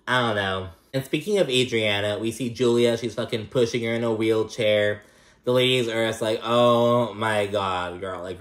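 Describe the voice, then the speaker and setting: A man's voice: medium pitch, echoey room. Sassy, profane man recapping reality TV. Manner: chatty, profane and sassy, many fillers. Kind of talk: casual gossipy recap.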